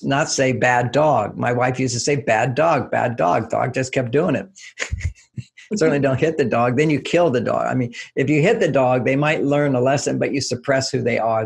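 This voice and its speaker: A man's voice: mid-range voice, vocal fry, slightly rough. An older man being interviewed as a relationship author, explaining with everyday examples and acting out little quotes in a raised voice. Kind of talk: casual interview talk.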